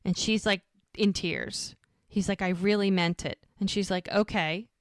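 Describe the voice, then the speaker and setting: Animated woman retelling scenes on a podcast. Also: medium pitch, normal speed, no echo, clean studio sound. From United States. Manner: animated recapping, acting out dialogue. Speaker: podcast co-host. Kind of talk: casual rewatch podcast recap.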